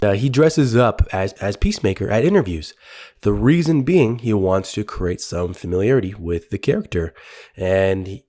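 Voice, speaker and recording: A man's voice: on the low side, lively intonation, moderate pace, warm tone. A young man co-hosting a casual movie podcast, rambling with many fillers and restarts. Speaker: podcast co-host. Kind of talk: casual chat.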